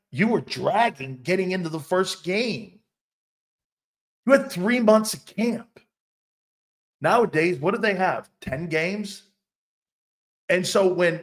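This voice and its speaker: A man's voice: high-pitched, unhurried, pauses often. A man hosting a sports talk show, reacting to fan comments in a loose, profane way and laughing often. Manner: animated, laughing, profane, loud outbursts.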